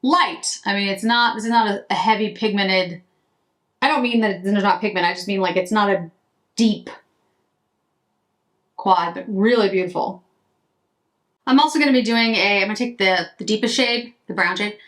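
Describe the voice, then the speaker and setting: A woman's voice: medium pitch, moderate pace, long pauses, a bit bright. A woman beauty vlogger chatting casually to camera while doing her makeup, rambling and breaking off mid-sentence. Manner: chatty, rambling, self-interrupting.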